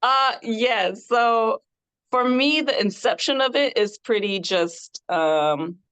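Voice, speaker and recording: A woman guest on a podcast interview, an independent artist telling her story in an animated way with frequent laughter. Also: a little high, takes it slowly, clean tone.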